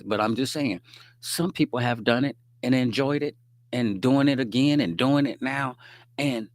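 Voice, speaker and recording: Hosting a livestream, a lowish-voiced man talks about faith casually, blending streetwise slang with sermon-like points. He jokes and laughs in asides and keeps checking that listeners follow, often asking "you dig what I'm saying," all through a livestream microphone.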